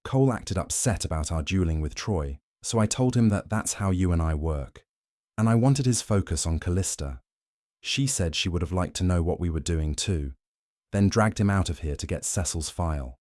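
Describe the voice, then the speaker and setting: A man narrating a first-person audiobook in a plain, steady storytelling manner. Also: deep voice, normal speed, no echo, studio quality.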